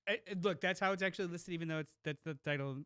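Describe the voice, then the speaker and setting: A man's voice: a little high, very fast, a bit bright, smooth, no echo, studio quality. A man co-hosting a live pop culture podcast, teasing his co-hosts and asking playful mock questions. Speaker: podcast co-host. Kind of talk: casual podcast banter. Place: podcast studio.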